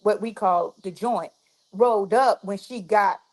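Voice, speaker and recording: A woman, telling a personal story to her followers in an animated, frank way, full of slang and cursing. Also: mid-range voice, measured pace.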